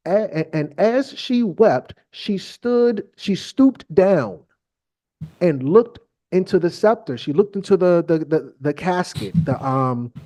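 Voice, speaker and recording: A man hosting a podcast, reading Bible verses aloud and riffing on them in slangy, irreverent comic asides, often halting on fillers. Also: sits high. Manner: irreverent, slangy, animated storytelling. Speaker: podcast host.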